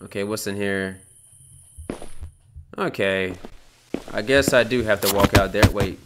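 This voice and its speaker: A young man giving casual commentary on a horror game, loud, jumpy and swearing, taunting the monster and then panicking. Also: on the low side, measured pace, noisy background. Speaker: gameplay streamer.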